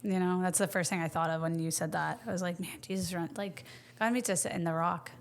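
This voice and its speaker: A woman's voice: fairly low pitch, fairly even intonation, a little fast, a little hiss or hum. A woman co-hosting a faith podcast, reflecting in a casual, thoughtful way and often restarting her sentences. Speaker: podcast co-host. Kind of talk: faith-based casual conversation.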